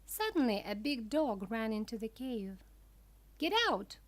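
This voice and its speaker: A woman narrating a children's storybook for language learners in a careful, deliberate way. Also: fairly high pitch, animated, a little mellow.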